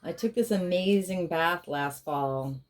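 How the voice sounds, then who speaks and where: Lower-voiced woman giving a rambling spiritual reading. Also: a little slow. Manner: rambling, chatty asides, drops into intense repeated incantations. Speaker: tarot reader and spiritual healer. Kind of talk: spiritual tarot reading with chanted affirmations.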